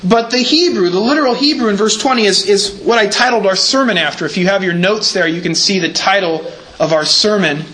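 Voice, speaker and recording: A man's voice: high-pitched, fairly quick, sharp tone, rough recording. A man preaching a sermon in a church, explaining scripture carefully and leaning hard on repeated words for emphasis. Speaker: pastor.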